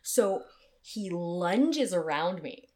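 A woman telling a frank personal story in candid, animated style, acting out the voices of the people in it. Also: on the low side, extremely slow. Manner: animated, acts out quoted voices.

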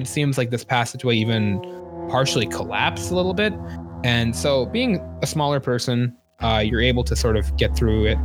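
A man narrating a tabletop game as game master, relaxed and rambling, with lots of fillers and quick laughs. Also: mid-range voice.

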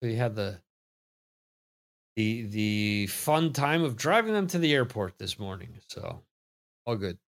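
With a fairly low, sing-song voice, this man takes his time and pauses a lot. He's an American hosting a live trivia stream, chatting casually into his computer microphone and reading viewers' comments aloud in a rambling fashion.

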